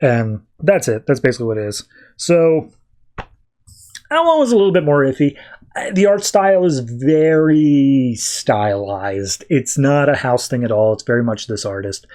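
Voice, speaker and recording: A man's voice: mid-range voice, very animated, normal speed, a little mellow. Casual man recapping comics. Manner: chatty, loose paraphrase with offhand asides. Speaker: podcast host.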